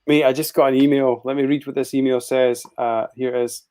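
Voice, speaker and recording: A man's voice: mid-range voice, little pitch movement, brisk, dark tone. A man co-hosting a podcast, trading laid-back, jokey banter in casual chat over a remote call. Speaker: podcast co-host.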